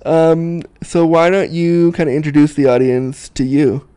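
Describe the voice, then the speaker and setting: Chatty podcast host, mellow and smooth. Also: male voice, a little high, measured pace. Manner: chatty, excitable, laughs often. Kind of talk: casual podcast interview. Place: small apartment room. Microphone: desk mic, guest sharing it.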